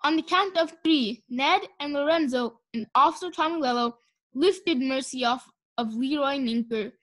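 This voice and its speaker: Expressive woman reading a storybook. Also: high-pitched, moderate pace. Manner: expressive, does character voices. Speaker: audiobook narrator.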